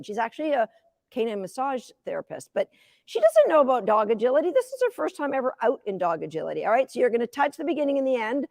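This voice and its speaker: A woman in her fifties, a dog agility coach, gives a live teaching demo in a high voice, captured in a dry recording. She is chatty and energetic and cheers the dog on.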